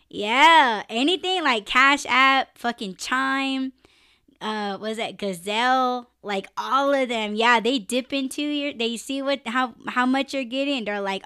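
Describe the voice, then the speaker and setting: A woman's voice: a little high, takes it slowly, sharp tone, clean tone, no echo, clean studio sound. A young woman hosting a live podcast, chatting casually, swearing freely and laughing often. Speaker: podcast host. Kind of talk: casual live-stream chat.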